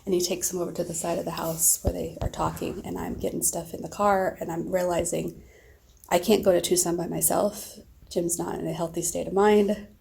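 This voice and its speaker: A middle-aged woman with a heavily gravelly, creaky voice pours out a personal story to a friend. Her tone is low and mellow. She rambles casually from one detail to the next. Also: flat delivery, brisk, slight background noise. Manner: rambling, emotional retelling. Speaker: vlogger.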